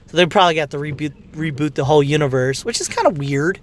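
A man's voice: a little high, quick pace, slight background noise. A man in his thirties giving a casual, profane, rambling movie review as a rant.

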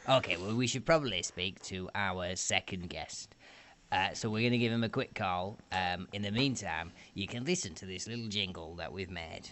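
A man's voice: low voice, normal speed, noisy background. A man co-hosting an improvised comedy show in a dry, matter-of-fact way. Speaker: comedy podcast co-host.

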